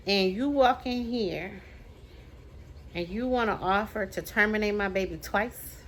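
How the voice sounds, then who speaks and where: A woman vlogger telling a personal story in a casual way. She repeats phrases for effect and slows down to stress key words. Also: mid-range voice, fairly bright tone, a little hiss or hum.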